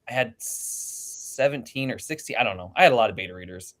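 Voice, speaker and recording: A man's voice: on the low side, lively intonation, a little fast, a bit bright. A man, an indie author and poet, chatting casually on a livestream panel in a rambling, self-deprecating way over a video-call mic.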